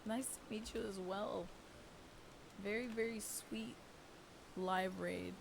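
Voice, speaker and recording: Hoarse, gravelly woman streamer, slow-spoken. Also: medium pitch, fairly even intonation, a crowd in the background, low-quality recording. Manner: flustered, bubbly greetings. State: hoarse, voice failing. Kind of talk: live gaming stream chat.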